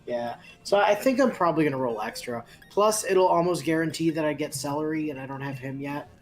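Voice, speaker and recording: A co-host on a casual gaming podcast who talks in a halting way, thinking aloud with many fillers. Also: medium pitch. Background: faint background music.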